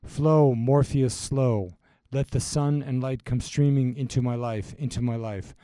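A man's voice: medium pitch, fairly even intonation, a little slow, dark tone, smooth, dry recording, close to an everyday voice. A man reading the part of a brooding male servant, speaking song lyrics as verse.

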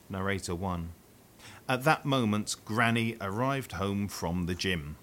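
A man's voice: fairly low pitch, measured pace, a bit bright, slight background noise. A man reading a children's play aloud, announcing each speaker and stage direction. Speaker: reader.

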